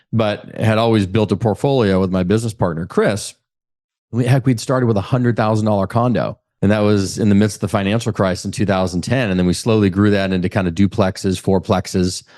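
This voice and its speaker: This Californian real estate investor speaks with energy as a podcast guest, often restarting his sentences during the casual interview. He has a lowish voice with a darkish tone.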